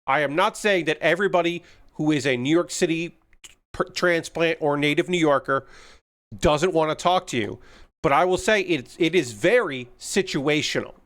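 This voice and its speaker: A man with a higher-pitched, fairly bright voice speaks at normal speed while hosting a live stream. His storytelling is casual and meandering, peppered with frequent ums and uhs.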